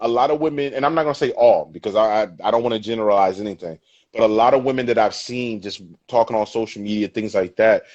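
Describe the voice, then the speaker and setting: A man on a casual podcast, telling stories in an animated, profane way. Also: lowish voice. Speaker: podcast guest. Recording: dull lo-fi sound.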